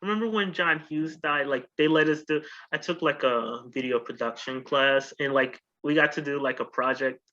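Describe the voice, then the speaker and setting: A man's voice: medium pitch, normal speed, few pauses, pushed and bright, muffled recording. A man co-hosting a podcast in casual chat, rambling with lots of restarts. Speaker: podcast co-host.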